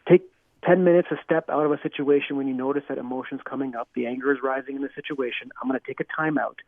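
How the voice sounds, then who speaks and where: A man's voice: medium pitch, fairly even intonation, quick pace, dry recording. A man, a clinical psychologist, answering interview questions in an earnest, explanatory way with frequent restarts and "you know". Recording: dry tinny phone line.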